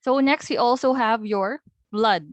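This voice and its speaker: A woman with a Philippine accent giving a recorded linguistics lecture, patiently repeating example words slowly and clearly. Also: fairly high pitch, dry recording, low-quality recording. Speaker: linguistics teacher.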